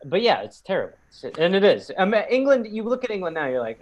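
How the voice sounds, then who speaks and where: A man's voice: on the high side, quick pace. Wry man joking on a video call. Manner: wry, deadpan jokes. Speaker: guest comedian. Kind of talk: casual comedic interview chat.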